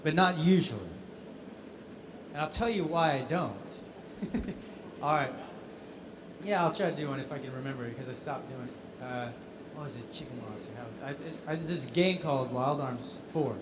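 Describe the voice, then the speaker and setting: A man's voice: medium pitch, moderate pace, pauses often, noisy background. A male voice actor telling stories at a convention Q&A, laughing often. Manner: laughing, animated storytelling. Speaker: voice actor guest at a convention panel. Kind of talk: casual convention Q&A.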